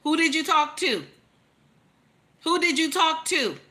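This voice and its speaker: A woman giving animated relationship advice, emphatic and repetitive, firing rhetorical questions at her audience. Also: high voice, measured pace. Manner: emphatic, repeats lines for effect, teasing rhetorical questions. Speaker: relationship commentator.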